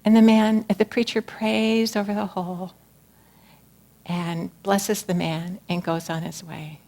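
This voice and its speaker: Woman, spiritual talk, gentle, earnest, reflective, soft-spoken, mid-pitched voice. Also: fairly even intonation, a little slow. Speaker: speaker at a spiritual community talk.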